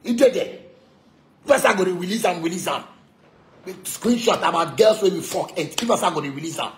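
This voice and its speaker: A man's voice: high-pitched, expressive, moderate pace, slight background noise. A man from Ghana with a Ghanaian Pidgin English accent, a musician ranting in a boastful, taunting, profane monologue that keeps repeating its points. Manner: repetitive, insistent.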